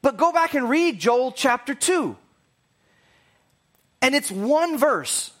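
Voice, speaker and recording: A man's voice: extremely high pitch, very animated, takes it slowly, a bit bright. A man teaching a casual sermon, conversational and rambling with jokey asides.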